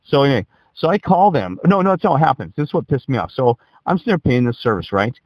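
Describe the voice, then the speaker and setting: A man's voice: mid-range voice, big pitch swings, quick pace, no room sound, low-quality recording. A middle-aged man telling a long story in casual chat, rambling and swearing, restarting his sentences often. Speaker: podcast storyteller.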